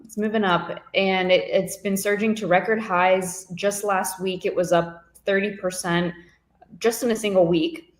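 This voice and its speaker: A woman guest analyst casually explaining market news in a relaxed way, with filler words. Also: medium pitch, measured pace. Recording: echoey room sound.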